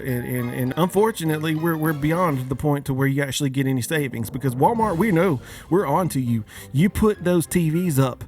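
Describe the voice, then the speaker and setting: A man hosting a podcast, a father of young kids, delivering a joking, casual holiday rant and firing many questions at his listeners. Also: fairly high pitch. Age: adult, father of young kids. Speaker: podcast host.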